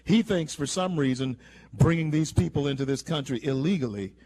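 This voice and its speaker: Talk radio guy, emphatic and opinionated, voice a bit on the high side, keeps restarting his sentences. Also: fairly quick, a little mellow, slight background noise. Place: radio studio.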